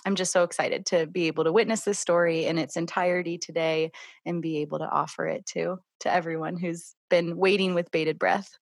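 A woman hosts a podcast conversation in a somewhat low voice. She draws her guest out with encouraging, prompting questions. The sound is dry and close. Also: steady tone, fairly quick, dry recording. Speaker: podcast host. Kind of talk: casual interview hosting.

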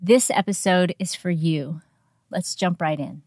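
A woman hosting a podcast speaks with earnest, heartfelt encouragement. Her voice sits a little low, and it is recorded close and dry with no room around it. She sounds like she is in her thirties. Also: measured pace, darkish tone, dry recording. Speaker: podcast host. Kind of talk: warm scripted intro and casual podcast chat.

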